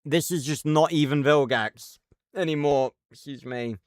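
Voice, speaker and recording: Male streamer, unhurried rambling rant, dry close sound. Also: fairly high pitch, clean tone, dry recording. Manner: rambling, profane, many fillers and restarts. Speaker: livestreamer. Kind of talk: casual live-stream commentary.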